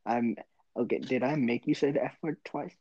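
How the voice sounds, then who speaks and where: A woman's voice: very deep voice, dark tone, husky, no echo. A young woman hosting a casual podcast chat, teasing her friend and laughing often. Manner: teasing, joking, quick to laugh. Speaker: podcast host. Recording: dull lo-fi mic.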